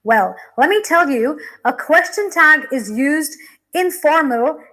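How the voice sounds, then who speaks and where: A woman's voice: high-pitched, lively intonation, slow, sharp tone, low-quality recording. A young woman teacher explaining English grammar in a classroom lesson, with frequent "okay" and "you know" fillers.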